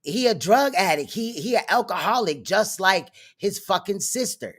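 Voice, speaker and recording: A woman's voice: medium pitch, animated, normal speed. A woman hosting reaction commentary, scornful and mocking. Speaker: commentary host.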